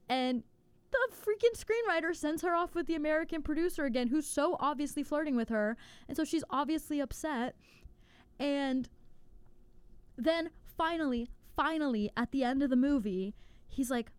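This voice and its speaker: A woman's voice: high-pitched, brisk, darkish tone, clean tone, no echo. A young woman hosting a college radio show, chatting casually and animatedly about a film, with frequent fillers. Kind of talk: casual chat, film review. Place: college radio station studio.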